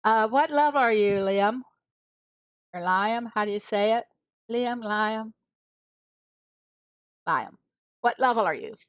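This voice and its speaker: A woman's voice: on the high side, lively intonation, a little slow, pauses often, no room sound. A woman streaming a mobile farming game, chatting casually with her viewers and talking herself through each move. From USA. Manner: chatty, talks to herself and reads chat aloud. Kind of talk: casual live-stream commentary.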